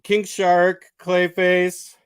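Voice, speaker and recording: A man hosting a casual chat with a guest, laid-back and chuckling, with many fillers and pauses. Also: high voice, completely flat delivery, clean tone. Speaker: host.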